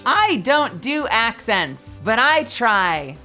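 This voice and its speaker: A woman's voice: a little high, sing-song, takes it slowly, pushed and bright. A woman streamer chatting casually to her viewers with self-mocking asides, music behind. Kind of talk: live-streamed game reading.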